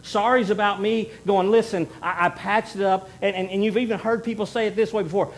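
A middle-aged man preaching a sermon in earnest, rising to loud emphasis and then dropping to a hushed plea. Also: high voice, a little fast, few pauses, low-quality recording. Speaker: pastor.

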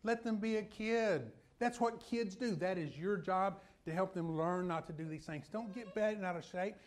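A man's voice: high voice, normal speed. A man preaching a sermon in a folksy, conversational way, telling personal stories and putting questions to his listeners.

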